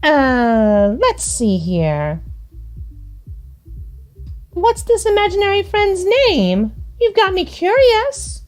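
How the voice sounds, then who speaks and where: A woman's voice: very high voice, wildly swooping pitch, slow, pauses often, faint music behind. A woman VTuber playing a visual novel and commenting in a theatrical, teasing, prim manner. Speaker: VTuber game streamer.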